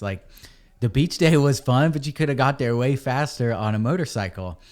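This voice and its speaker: A man, a podcast guest, telling a story in a casual, animated way and calling people dude and man. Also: mid-range voice, brisk. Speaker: podcast guest, ebike company cofounder.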